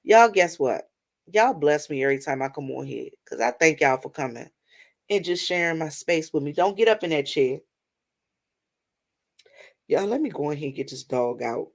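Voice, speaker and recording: Brief: middle-aged woman vlogger, gravelly, rambling chatty delivery. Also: low voice, lively intonation, moderate pace, long pauses. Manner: chatty, rambling, addresses viewers as y'all. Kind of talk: casual storytelling vent to viewers.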